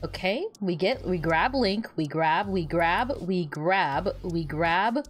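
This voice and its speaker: A young woman VTuber streamer chatting casually while she fiddles with her setup, animated and giggly, often repeating words and laughing at her own jokes. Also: on the low side, slow, faint music behind. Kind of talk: casual livestream chat.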